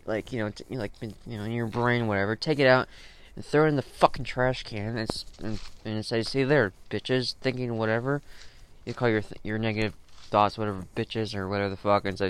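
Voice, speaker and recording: A man's voice: on the low side, fairly even intonation, a little fast, clear, resonant tone. A man hosting a podcast, rambling through a solo monologue full of fillers and swearing, with sudden bursts of frustration. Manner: rambling, heavy fillers, profane, flares up in bursts. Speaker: podcast host.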